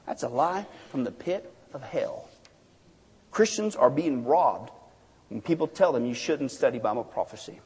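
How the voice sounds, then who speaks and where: Animated husky pastor preaching. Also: male voice, mid-range voice, normal speed, in a large hall. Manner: animated, joking, repeats for emphasis. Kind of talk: sermon.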